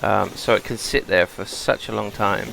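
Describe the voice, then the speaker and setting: A man's voice: lowish voice, steady tone, moderate pace, creaky, fairly bright tone, poor audio. A man hosting a gaming video, chatting casually and thinking aloud as he plays. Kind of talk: relaxed gameplay commentary.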